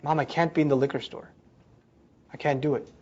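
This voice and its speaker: A man's voice: fairly high pitch, steady tone, brisk, dark tone, voice pushed down, natural voice. Pleading teen son, a man doing the voice, reluctant, lo-fi muffled sound. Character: pleading teenage son under pressure. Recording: dull lo-fi recording.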